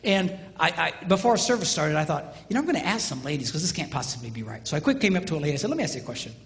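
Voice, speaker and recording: Joking preacher guy acting out voices, bright tone, big echoey hall. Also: a little high, racing. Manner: animated, acts out quoted dialogue, jokey. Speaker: pastor. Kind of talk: humorous sermon storytelling.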